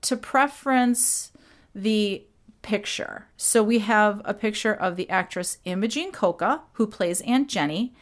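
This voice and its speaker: Woman, podcast host, casual storytelling, animated, quick impressions. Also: medium pitch.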